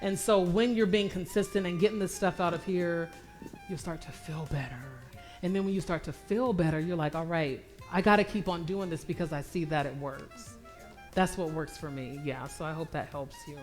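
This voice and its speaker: A woman's voice: on the low side, moderate pace, faint music behind. A woman business coach answering questions at a church event, acting out her prayers and repeating phrases for emphasis. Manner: animated, acts out her own prayers and inner dialogue. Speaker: guest speaker, business coach. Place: church sanctuary, live stream.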